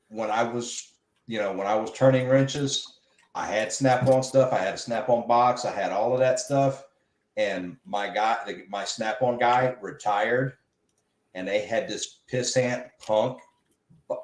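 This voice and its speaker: A man's voice: fairly low pitch, unhurried. Guy telling work stories, does the voices, echoey room. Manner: animated storyteller, mimics people he quotes. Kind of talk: casual storytelling chat.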